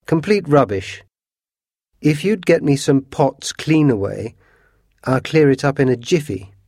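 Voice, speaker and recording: A man's voice: on the high side, big pitch swings, normal speed, gravelly, darkish tone, no room sound, voice pushed up, heavily acted. A brash, cocky young man brushing off warnings, as a narrator plays him. His voice is captured dry and close. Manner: brash, dismissive.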